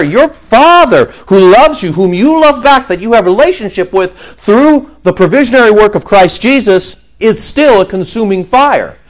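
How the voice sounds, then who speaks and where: A male pastor delivers a sermon with a lively, swinging pitch that sits a little high for a man. Working through a scripture passage, he keeps breaking into quick acted asides in the voices of the crowd.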